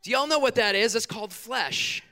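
A man delivers a lively sermon from the pulpit. His voice sits high and sounds smooth and clear. He swings between loud, fired-up bursts and quick, casual asides to the congregation. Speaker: pastor. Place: church hall.

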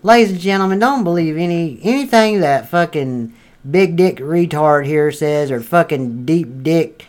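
A man whose voice sits on the high side and carries a slightly mellow quality plays a blustering, foul-mouthed North Carolina landlord for a comedy podcast sketch. He drawls and curses in an animated but unhurried way, improvising as he goes.

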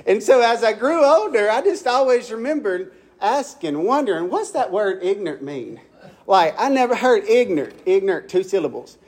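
Folksy Southern preacher, high voice. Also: male voice, expressive, moderate pace, darkish tone. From Mississippi. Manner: folksy, asks the congregation questions. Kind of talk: folksy storytelling sermon.

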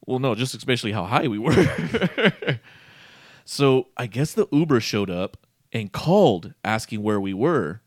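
A man's voice: mid-range voice, measured pace, dry recording, studio quality. Laughing, profane man telling a story. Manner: profane, laughing, animated retelling. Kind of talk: casual anecdote telling.

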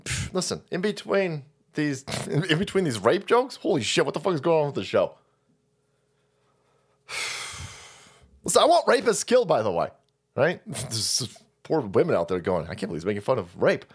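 A man hosting a political stream, ranting crudely and mocking people as he goes. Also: breathy edge. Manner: crude, mocking, jumps into high mock voices.

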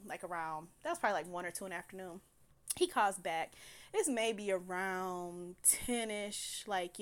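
A woman telling a personal story in a casual, animated way, laughing often and slipping into quoted voices. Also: mid-range voice.

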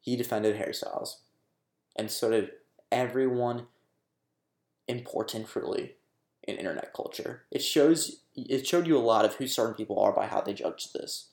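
A man's voice: mid-range voice, moderate pace, gravelly, darkish tone, echoey room. A young man delivering a casual commentary rant, exasperated and sarcastic, swearing freely. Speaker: commentary YouTuber.

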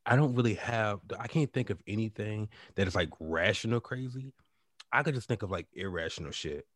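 A man co-hosting a casual chat, telling a story in a laid-back, drawn-out way with frequent fillers. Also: on the low side, fairly bright tone, dry recording, studio quality. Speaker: podcast co-host.

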